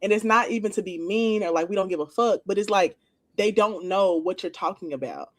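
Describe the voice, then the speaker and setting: A woman's voice: mid-range voice, brisk. Frank, easygoing woman co-host. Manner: relaxed, frank, swears casually. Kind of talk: casual political talk-show chat.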